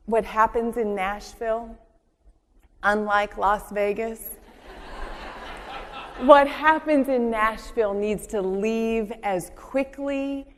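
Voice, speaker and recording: A woman in her forties giving an earnest, encouraging motivational talk at a convention in a large hall, often repeating her phrases. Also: a little high. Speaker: convention speaker. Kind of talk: motivational speech. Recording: long hall reverb.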